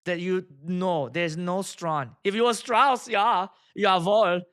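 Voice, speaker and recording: A man's voice: high voice, slow pace, a bit bright, smooth. A man imitating a blunt, apologetic German man with a put-on German accent.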